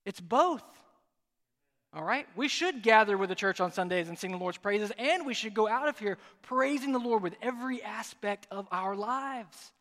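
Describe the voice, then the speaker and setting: A man's voice: high-pitched, animated, moderate pace, fairly bright tone. A man preaching a sermon as pastor, conversational and joking now and then. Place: large church sanctuary. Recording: reverberant hall.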